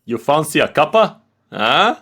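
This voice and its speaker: A man's voice: fairly high pitch, very animated, unhurried, fairly bright tone, pitched above the performer's own voice, heavily acted. A man doing an exaggerated, playful put-on British accent as a cheeky bloke, in a joking impression during gameplay. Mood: mocking. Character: cheeky mock British bloke, adult male, jokey.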